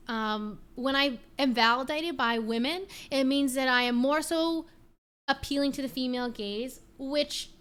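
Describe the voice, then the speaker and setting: Young female streamer, high bright voice, chatty and animated, casual late-night chat. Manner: chatty, animated, talks to her pet and chat.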